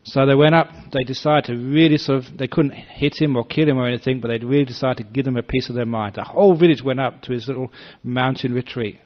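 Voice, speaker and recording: An older man, a Buddhist monk, giving a dharma talk that is full of storytelling, acting out voices with gentle humor. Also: mid-range voice, fairly even intonation, fast talker, hardly any pauses. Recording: slightly dull lo-fi recording.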